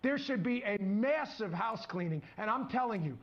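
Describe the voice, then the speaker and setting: A man's voice: high-pitched, animated, moderate pace. A man giving an impassioned political speech, indignant and pleading. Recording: lo-fi played clip.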